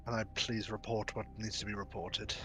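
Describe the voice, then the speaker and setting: A man's voice: lowish voice, flat delivery, fairly quick, bright, forceful tone, faint music behind. A man playing a tabletop game, talking hesitantly with lots of fillers. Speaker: player.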